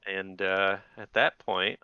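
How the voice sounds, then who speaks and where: A man narrating a tabletop game as game master, relaxed and a little hesitant, with fillers. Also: deep voice, takes it slowly, clear, resonant tone, no room sound, lo-fi sound.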